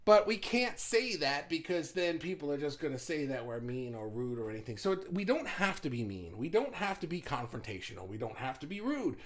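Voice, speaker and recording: Animated, blunt middle-aged man. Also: fairly high pitch, brisk, hardly any pauses. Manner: animated, blunt, swears casually; frequent restarts and stumbles. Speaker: business owner. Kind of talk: casual motivational talk.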